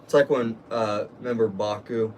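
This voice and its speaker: A man's voice: on the low side, fairly even intonation, moderate pace. A laid-back young man chats on a homemade livestream, swearing freely and laughing through his own stories. He sits back from the mic, and a faint hiss runs under his voice. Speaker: livestream co-host. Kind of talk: casual stoner chat. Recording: distant mic with faint background noise.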